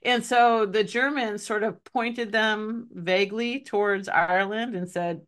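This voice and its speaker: A woman's voice: medium pitch, fairly even intonation, unhurried, few pauses, fairly bright tone. A woman telling a story in a casual podcast chat. She laughs often and fills her talk with "like". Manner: chatty, laughs often, many "like" fillers.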